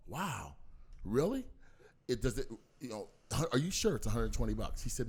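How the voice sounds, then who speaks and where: A man telling a personal story in casual talk, talking forcefully and acting out both sides of an argument. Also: medium pitch, normal speed, slightly rough. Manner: animated, acts out both sides of a dispute; talks forcefully.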